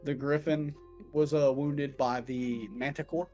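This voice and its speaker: A man who ran a tabletop game, chatting casually about it afterward, animated and cursing freely as he acts out goofy lines. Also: fairly high pitch, a little slow, faint music behind. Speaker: dungeon master. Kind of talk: casual post-series chat.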